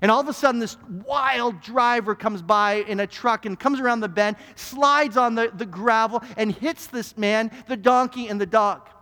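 High-voiced male preacher in a reverberant hall. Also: normal speed, few pauses. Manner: emphatic, animated storytelling. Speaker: pastor. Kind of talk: sermon.

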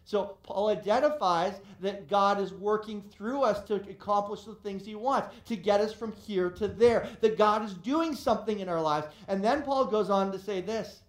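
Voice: medium pitch, moderate pace, hardly any pauses. Pastor, mid-range voice, earnest sermon delivery, repeats lines for emphasis, reverberant church hall. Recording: roomy echo of a hall.

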